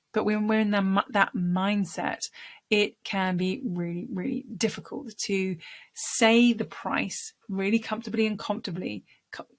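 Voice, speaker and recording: Female speaking coach, chatty direct-to-camera lesson, demonstrates techniques, medium pitch.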